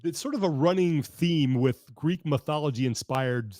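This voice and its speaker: A man with a slightly high voice hosts a podcast over a video call. He talks in a dry, close sound and tells a long story with an animated, exasperated energy. He restarts his sentences often. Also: moderate pace, no echo. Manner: animated, exasperated rambling with self-interruptions. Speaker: podcast host. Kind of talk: casual storytelling chat.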